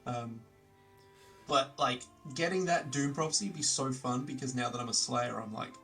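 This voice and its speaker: A man's voice: medium pitch, normal speed, gravelly, a bit bright, soft background music. A man chatting casually as a player in a laid-back, musing way, recorded off the mic. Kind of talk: casual chat. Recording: voice picked up from off the mic.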